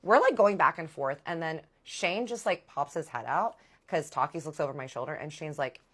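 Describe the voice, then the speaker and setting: A woman vlogger telling a story in casual chat, animated and profane, talking straight to her viewers. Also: deep voice, normal speed, breathy edge.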